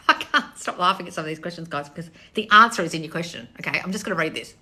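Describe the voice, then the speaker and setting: Blunt, sweary woman coach with a bright, ringing tone, answering viewers live into her phone. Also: lowish voice, racing. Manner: blunt and sweary, laughing, reading viewer comments aloud. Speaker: manifestation coach. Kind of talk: live-stream Q&A.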